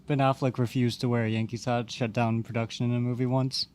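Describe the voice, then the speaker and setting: A man's voice: medium pitch, level tone, brisk, darkish tone, slight background noise. A man co-hosting a casual sports podcast, telling stories and teasing his friends in an easygoing way. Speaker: podcast co-host.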